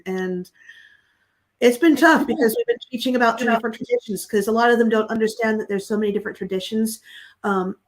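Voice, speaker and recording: A woman speaking as a guest on a casual panel chat. She is hoarse from a cough. Her voice sits slightly high and she chats along with easy laughs. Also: poor audio.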